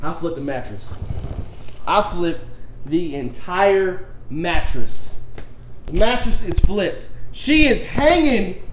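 A young man telling a wild story in casual podcast chat, profane and animated, breaking into laughs. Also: high voice, slow pace, pauses often, heavy background noise.

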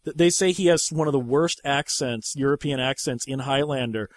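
A man's voice: mid-range voice, normal speed, no echo. A man hosting a podcast, chatting casually about movies, rambling and swearing freely. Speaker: podcast host.

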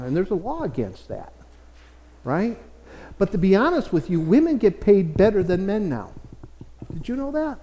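A middle-aged American pastor gives a chatty sermon, rich with folksy anecdotes. His voice sits high for a man, and he stumbles over repeated words as a point gathers steam. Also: big pitch swings, normal speed, dark tone, big-room sound. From United States. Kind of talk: conversational sermon.

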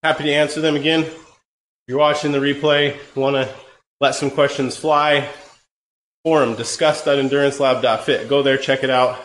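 A man with a cold, hosting a live cycling-training Q&A in a relaxed, rambling way with many fillers. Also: mid-range voice, moderate pace. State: hoarse from a cold. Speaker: podcast host. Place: home room, riding an indoor trainer. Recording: echoey room with faint ambient noise.

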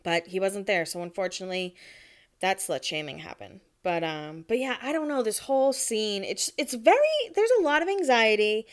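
A woman's voice: medium pitch, moderate pace. A woman in her twenties recapping a reality show in casual chat. She swears often and acts out the quotes. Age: 20s.

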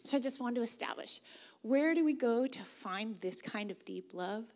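A woman's voice: fairly high pitch, animated, moderate pace, darkish tone. A woman from the Pacific Northwest preaching a sermon, earnest and leading the congregation in reading along. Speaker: guest preacher.

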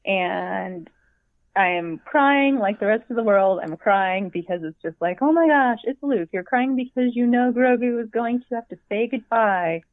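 A woman chatting casually as a podcast co-host, an animated storyteller who acts out her own reactions. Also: mid-range voice, measured pace, dry recording. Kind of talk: casual fan chat. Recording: tinny phone-like line, dry.

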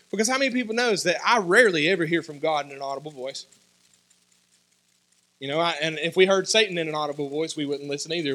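A man preaching a sermon as pastor, telling personal stories in an animated way and acting out the dialogue. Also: high voice. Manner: animated storytelling, acts out dialogue, sudden loud shouts.

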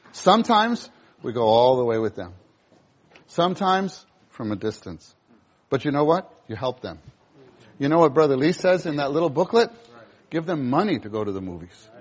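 A male preacher giving a sermon, animated, acting out scenes in voices. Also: mid-range voice, muffled recording.

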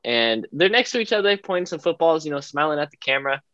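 A man's voice: a little high, big pitch swings, a bit bright, no echo. Young man, dull lo-fi mic. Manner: measured, mock-formal reasoning. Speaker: podcast co-host. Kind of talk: casual chat.

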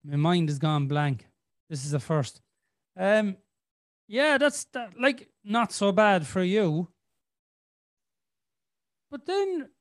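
A man's voice: sits high, dry recording, clean studio sound. A middle-aged man, hosting a podcast as a rambling storyteller who swears freely. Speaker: podcast host. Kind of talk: casual chat.

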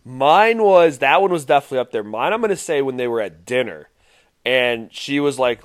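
A man co-hosts a casual podcast, his pitch leaping around as he gets animated. He swears freely and laughs often. The sound is close and dry. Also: moderate pace, no room sound. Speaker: podcast co-host. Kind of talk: casual chat recapping a reality dating show.

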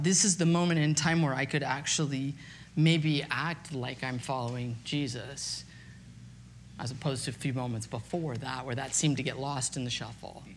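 A woman in her fifties telling a personal story in a candid, self-deprecating, animated way. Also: deep voice, slight background noise. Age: 50s.

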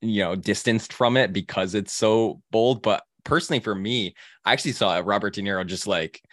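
A young man hosting a casual film discussion, halting with many restarts and fillers. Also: on the low side, a bit bright, no echo, studio quality. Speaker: film podcast host.

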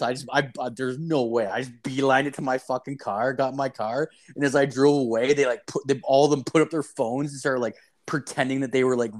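A man co-hosting a podcast, telling a long story in a casual, profane, rambling way, full of "like"s. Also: mid-range voice. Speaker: podcast co-host.

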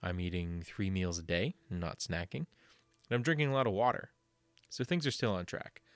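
Rambling, self-mocking young podcaster. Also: male voice, low voice, moderate pace, no echo. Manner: rambling, self-deprecating, swears often. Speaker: podcast host. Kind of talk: casual solo podcast.

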